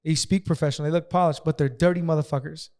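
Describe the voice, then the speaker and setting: A man with a slightly raised pitch, chatting on a podcast. He talks in a blunt, aggressive way and swears freely. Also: fairly even intonation, quick pace, a little mellow. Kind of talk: casual podcast conversation.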